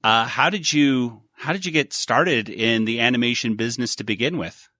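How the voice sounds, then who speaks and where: A man's voice: medium pitch, moderate pace, pushed and bright, no echo, studio quality. A man hosting a podcast, opening the interview with a hesitant, friendly question. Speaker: podcast host.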